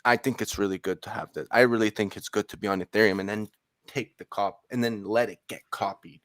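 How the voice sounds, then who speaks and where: A man hosting a casual crypto livestream chat, animated and laughing often as he talks. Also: fairly low pitch, a little fast. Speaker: crypto show host. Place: home, in Portugal.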